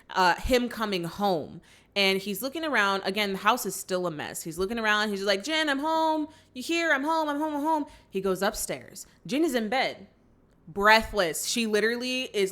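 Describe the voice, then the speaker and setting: A woman's voice: medium pitch, a bit bright. A woman hosting a movie reaction channel, recapping a film in a chatty way, acting out quoted lines and using lots of fillers. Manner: chatty storytelling with acted-out quotes and many "like" fillers.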